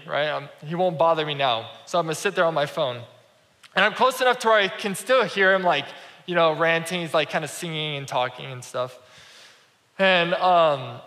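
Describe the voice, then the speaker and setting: Bright-voiced man preaching in a hall. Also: fairly high pitch. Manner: conversational storytelling, acts out quoted dialogue. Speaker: pastor. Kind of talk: sermon. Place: church sanctuary. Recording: reverberant church hall.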